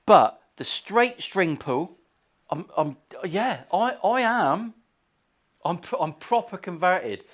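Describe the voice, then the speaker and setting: A man's voice: sits high, sing-song, takes it slowly, a bit bright. A middle-aged man, a luthier chatting casually through a workshop vlog, full of swearing and jokey banter. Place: guitar workshop.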